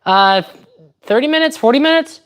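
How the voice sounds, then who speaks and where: A woman's voice: sits high, animated, moderate pace, a little hiss or hum. A woman chatting casually on a livestream while training fencing, thinking aloud and explaining technique step by step. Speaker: fencer streaming her training.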